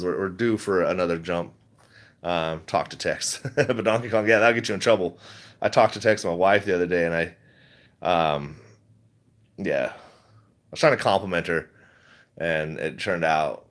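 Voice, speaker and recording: A middle-aged man with a fairly low voice talks loosely into the mic, wandering off on tangents. His delivery is casual and unhurried, broken up with easy laughs and filler words. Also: fairly bright tone. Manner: rambling, laid-back, laughs often, slips into mimicry. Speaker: stock vlogger. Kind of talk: casual livestream chat.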